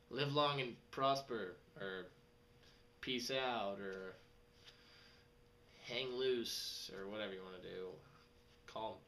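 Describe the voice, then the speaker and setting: A young man, rambling casually in a vlog and jumping into high mocking voices. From West Texas. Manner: animated, jumps to high mocking voices when quoting people. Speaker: vlogger.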